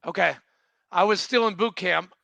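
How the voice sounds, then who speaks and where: High gravelly bright-voiced man. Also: normal speed, no echo, lo-fi sound. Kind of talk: casual chat.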